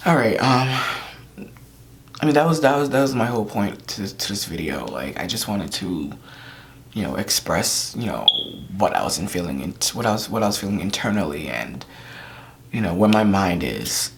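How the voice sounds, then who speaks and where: A man talking in a confessional vlog, holding back tears, halting and trailing off into near-whispers. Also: lowish voice, animated, creaky. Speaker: vlogger. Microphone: camera mic.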